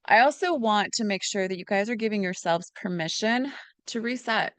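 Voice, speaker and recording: A woman's voice: mid-range voice, moderate pace, fairly bright tone, dry recording. A middle-aged woman, a nurse practitioner, giving earnest, encouraging wellness advice in a casual talk, with personal stories.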